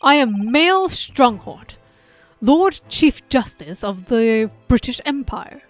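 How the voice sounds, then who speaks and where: A stern, imposing male chief judge from a video game, read aloud by a woman. He speaks in a slow, measured, formal way, and the voice sits high. Faint music plays in the background. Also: very animated, no room sound.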